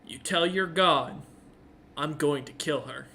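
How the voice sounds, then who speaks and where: A man's voice: on the high side, slow pace, creaky, pushed and bright, slight background noise, exaggerated voice. A man voicing an irate male tiefling devil in a butler's suit, scolding and threatening. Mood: menacing.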